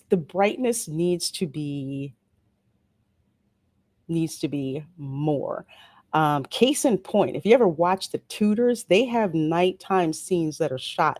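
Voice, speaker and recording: Woman host, low-pitched, dry close sound; relaxed, playful chat-style reviewer answering comments. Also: no room sound. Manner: chatty, reads viewer comments aloud and answers them; relaxed and playful, with frequent asides. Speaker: host of a show review channel. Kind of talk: casual solo livestream review.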